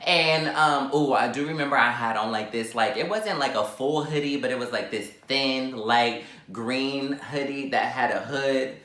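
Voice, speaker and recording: A man tells a wild story to his camera, throwing himself into every quoted line with sudden jumps in pitch. His voice is bright and forward, and the room behind him echoes noticeably. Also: a little slow, hardly any pauses. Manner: dramatic, acts out quotes with big pitch jumps. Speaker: vlogger. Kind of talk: animated storytime while eating.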